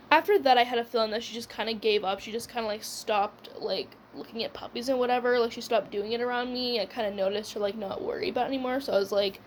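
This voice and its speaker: Young adult woman, higher voice, loose casual storyteller who fills every gap with "like" and laughs, faint background hiss. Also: steady tone, fast talker. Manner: rambling, full of "like" and "whatever", laughing.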